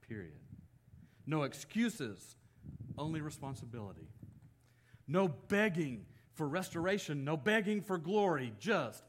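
A man preaching, retelling an old story with lots of expression. He acts out each quoted line, getting loud and high for outbursts and dropping to a near hush for the solemn parts. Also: very animated, unhurried, slight background noise. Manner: storytelling, acting out quoted lines with swings of pitch and loudness. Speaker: pastor. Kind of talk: sermon.

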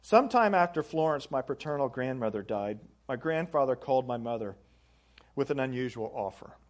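A man's voice: mid-range voice, expressive, a little fast. A man preaching a sermon, reading aloud from a book and stressing phrases with rising emphasis. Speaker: pastor. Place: church sanctuary.

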